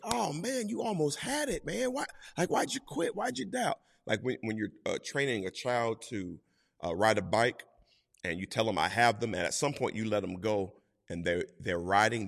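A man with a somewhat low voice preaches in an easy, conversational way. He now and then acts out quoted voices as he tells his stories. A long reverb trails behind his words. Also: gravelly, a bit bright. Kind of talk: sermon.

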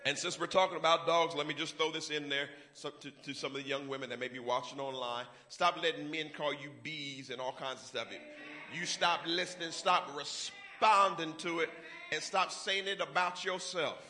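Male preacher, high and very bright, builds from low asides to shouted, stretched-out calls. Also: fairly even intonation. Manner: rising to loud, drawn-out preaching with call-and-response. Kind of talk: sermon.

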